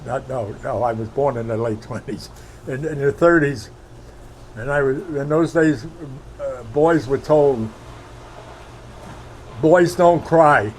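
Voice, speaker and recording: A man in his nineties from Brooklyn, recounting his war memories in an interview, halting with many fillers and heartfelt. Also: mid-range voice, darkish tone, slight background noise, rough recording. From Brooklyn, New York. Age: 90s. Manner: heartfelt, emotional recollection. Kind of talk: oral history interview.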